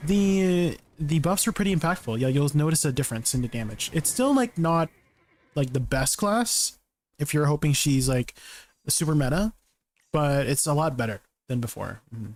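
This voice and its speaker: A man's voice: fairly high pitch, animated, moderate pace, darkish tone. A man streaming a game, chatting casually, reading chat aloud and laughing often.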